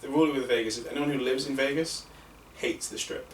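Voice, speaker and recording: A man's voice: medium pitch, steady tone, a little fast, distant mic. A chatty northern English man talks casually as a guest and spins his stories with an easy, laughing delivery. He sits well back from the mic in an echoey room. A faint hiss runs under the recording. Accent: northern English, near Manchester. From England. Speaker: guest, wrestler. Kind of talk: casual chat.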